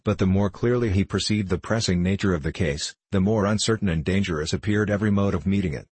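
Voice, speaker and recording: A man narrating a classic novel in a measured, formal reading voice. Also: sits low, darkish tone, breathy edge, no room sound. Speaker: audiobook narrator.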